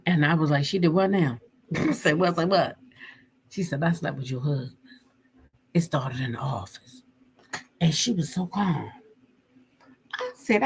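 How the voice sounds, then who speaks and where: Husky woman in a loose, salty chat. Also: moderate pace, pauses often. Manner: animated, acts out quotes with jumps in pitch, swears freely. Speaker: vlogger. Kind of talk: casual storytelling chat.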